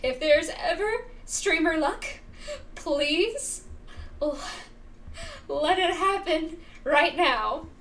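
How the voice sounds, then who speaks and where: A woman's voice: very high-pitched, animated, extremely slow, pauses often, a bit bright, far from the mic. A woman live-streaming a game, talking dramatically to her viewers, pleading and wailing over her luck. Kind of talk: casual live-stream chatter while gaming.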